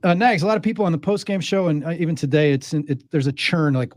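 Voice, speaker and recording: Lively man hosting sports radio. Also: on the high side, fast talker, no room sound. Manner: lively, storytelling, animated. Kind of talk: casual sports radio chat.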